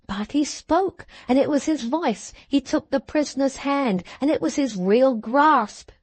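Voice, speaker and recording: A woman narrating an audiobook in a measured way, slowing at the end of phrases. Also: high-pitched, lively intonation, no echo. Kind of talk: scripted narration of a classic novel.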